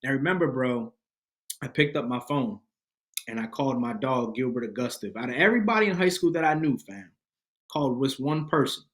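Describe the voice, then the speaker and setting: A young man from Rhode Island, a podcast guest and motivational speaker, telling a personal story in an animated, emphatic, slangy way. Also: mid-range voice, brisk.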